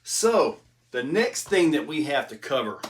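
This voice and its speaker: Excitable man filming outdoors, distant mic. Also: a little high, unhurried, slight background noise. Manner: chatty, excitable, laughs often. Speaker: RC hobby reviewer. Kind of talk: casual outdoor commentary while driving. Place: outdoors on a rock trail.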